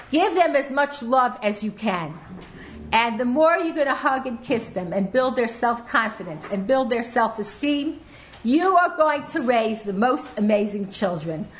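A woman's voice: on the high side, a little hiss or hum, rough recording. A middle-aged woman gives an earnest, emphatic parenting lecture and repeats her key points.

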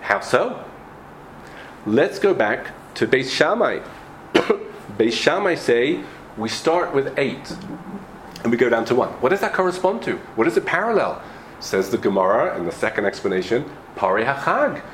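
A man teaching a Talmud lesson in a mid-pitched voice that swings high and low as he poses and answers questions. He restarts phrases often and clears his throat now and then. A faint hiss sits behind him. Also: moderate pace. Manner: animated, rising to questions, frequent restarts and coughs. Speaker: Torah teacher. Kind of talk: Talmud lecture.

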